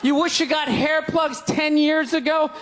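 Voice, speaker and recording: A middle-aged man doing a stand-up comedy set, ranting in an exasperated way and breaking into sudden shouts, at a comedy club. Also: very high voice, fairly even intonation, unhurried. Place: comedy club stage before a laughing crowd. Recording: live club recording, loud crowd laughter, noisy.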